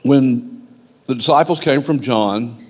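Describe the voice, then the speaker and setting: A man preaching an informal sermon, conversational and animated, with stammering restarts. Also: medium pitch, takes it slowly, husky. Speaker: pastor.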